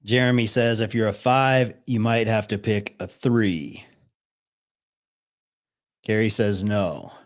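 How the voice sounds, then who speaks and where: A man's voice: fairly low pitch, slow pace, long pauses. A man hosting a live stream, reacting to videos and talking to his chat in a blunt, sarcastic way. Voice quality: blunt, swears casually, sarcastic. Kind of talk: casual live-stream commentary.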